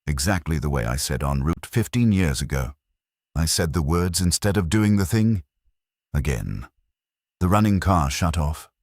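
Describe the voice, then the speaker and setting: A man with a remarkably low, heavy voice narrates a first-person horror tale. He speaks in a measured, somber, confessional way. The sound is dry and close, with no room echo. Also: lively intonation, darkish tone.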